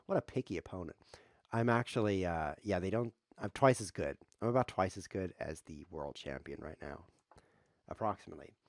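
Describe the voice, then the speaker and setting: A man streaming online chess, talking in a playful, rambling way with deadpan jokes as he plays. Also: low voice, brisk, no echo, clean studio sound. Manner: jokey, rambling deadpan asides. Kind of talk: playful live commentary while playing.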